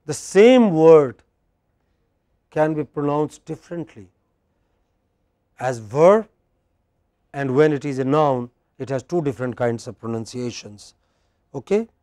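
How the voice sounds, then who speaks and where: A man with an Indian English accent gives a university lecture at a very slow, deliberate pace. He repeats phrases and keeps checking in with the class. His voice sits a little high, and the sound is dry and close. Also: mellow, no room sound. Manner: slow, repeats phrases and asks "okay?" often.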